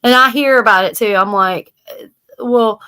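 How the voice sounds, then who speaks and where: Woman from the South, animated casual chat, swears freely, live stream co-host. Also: a little high, normal speed, clean tone. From American South.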